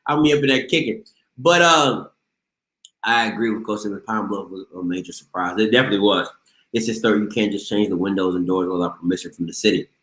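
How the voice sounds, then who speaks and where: A man's voice: on the low side, quick pace, fairly bright tone, reverberant, rough recording. A man hosting a live call-in sports show, trash-talking playfully and boasting as he goes.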